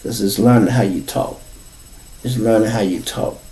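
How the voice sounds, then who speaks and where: With a voice on the low side and a normal speaking speed, this Chicago-accented podcast host is picked up by a distant mic in low-quality audio. His story comes out as a loose, profane, animated monologue full of acted-out quotes.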